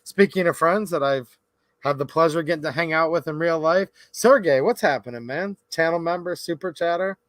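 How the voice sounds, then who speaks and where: A man's voice: fairly high pitch, fairly quick, a bit bright, no echo. Chatty upbeat man hosting a livestream. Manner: chatty, upbeat, addresses viewers as man and dude. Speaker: livestream host. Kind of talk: casual livestream chat greeting viewers.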